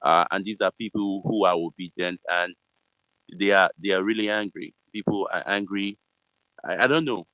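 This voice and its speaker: A man's voice: low voice, moderate pace, bright, forceful tone, no echo, rough recording. A man hosting a live audio chat room, hedging with lots of fillers but pointed in his questions. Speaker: host.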